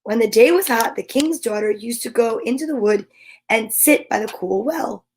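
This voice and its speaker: A woman's voice: on the high side, moderate pace, a little hiss or hum. A woman hosting a storytime, reading a fairy tale aloud with playful chatty asides. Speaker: storyteller host. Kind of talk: children's read-aloud.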